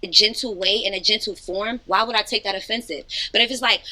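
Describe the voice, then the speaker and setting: Fast-talking bright woman on a podcast. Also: medium pitch, fairly even intonation, poor audio. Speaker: podcast panelist. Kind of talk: casual discussion.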